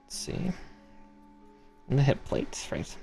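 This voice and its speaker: A man on a live stream chats casually while building a model kit, laughing often and reading part numbers aloud between stories. His voice is slow and dark, with faint music in the background.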